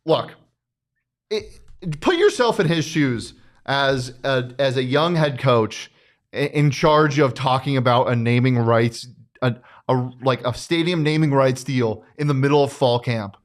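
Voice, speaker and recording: A man co-hosting a casual sports talk show, talking in quick bursts with many restarts. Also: medium pitch. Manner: animated, restarts, laughs often. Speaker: co-host.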